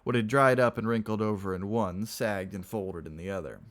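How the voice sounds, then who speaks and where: A man's voice: lowish voice, normal speed, fairly bright tone. A man reading a novel aloud on a stream, narrating plainly and chatting with viewers between passages. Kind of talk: casual read-aloud narration.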